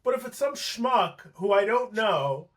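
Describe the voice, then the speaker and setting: A man, an actor guest, in casual chat, telling animated stories and swearing freely. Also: sits high, a little slow, very noisy. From Palestinian family.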